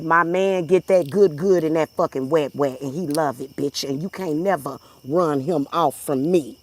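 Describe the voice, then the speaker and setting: A woman's voice: lowish voice, dry recording. Profane, blunt woman ranting to viewers. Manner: blunt, profane and preachy, swinging from soft to loud. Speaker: spiritual reader, channel host. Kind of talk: heated monologue to viewers.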